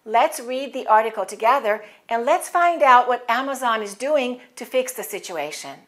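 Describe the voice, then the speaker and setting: A woman English teacher, giving a scripted pronunciation lesson and pronouncing each word clearly and deliberately. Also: a little high, expressive. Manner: clear, deliberate enunciation with model words for repeating.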